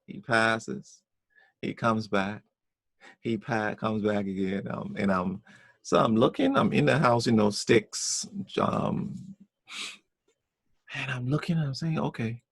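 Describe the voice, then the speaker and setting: A man's voice: medium pitch, slow pace, creaky, long pauses, husky, no echo. A man chatting casually on a podcast, telling a personal story with lots of repeated words and restarts.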